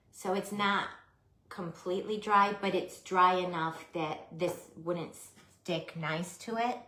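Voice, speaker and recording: A woman in her sixties with a girlish, high voice, chatting casually and often softly on a craft livestream. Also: roomy sound. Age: 60s. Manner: slow, chatty, often drops to a soft murmur.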